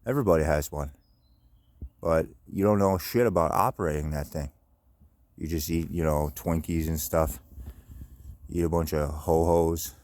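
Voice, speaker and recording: A middle-aged man rambling on a phone vlog, swearing often and restarting his sentences. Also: sits low. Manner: rambling, profane, lots of restarts and fillers. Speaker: vlogger. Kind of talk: casual rambling monologue. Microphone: handheld phone.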